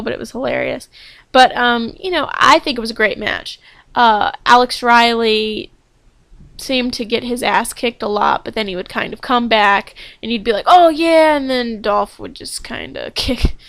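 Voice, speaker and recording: A young woman talks straight to her camera in a loose, gushing vlog chat, her voice sitting a little high. She fills her pauses with ums and piles on enthusiasm as she goes. The sound is dry and close, with no room around her. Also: a bit bright, dry recording. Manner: bubbly and gushing, many ums. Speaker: wrestling fan vlogger.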